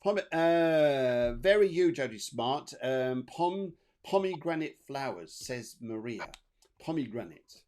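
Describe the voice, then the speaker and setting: A man's voice: medium pitch, very animated, takes it slowly, a little mellow. A man co-hosting a casual live wellbeing show, chatty and reading out viewer comments with some hesitant restarts. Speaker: co-host of a spiritual wellbeing show.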